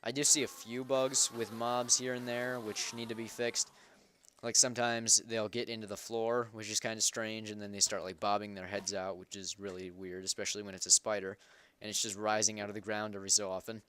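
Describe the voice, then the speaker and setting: A young man talks casually through a gameplay session, rambling and stopping to fix his own words. His voice sits somewhat low. A faint background noise runs under the home mic recording. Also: flat delivery, a little fast, a bit bright. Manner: rambling, self-correcting, chatty. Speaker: Minecraft server host.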